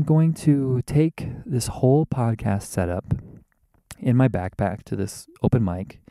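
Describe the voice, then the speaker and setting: A man hosting a podcast from inside his car, rambling and wordy in a casual monologue, mocking himself and now and then leaping into a theatrical high voice. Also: a little slow, mellow, no room sound. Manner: rambling, wordy and self-mocking, with sudden theatrical jumps in pitch. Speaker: podcast host. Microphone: podcast microphone.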